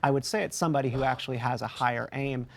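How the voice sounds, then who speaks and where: Gravelly man giving deliberate opinions. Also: medium pitch. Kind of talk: opinion commentary.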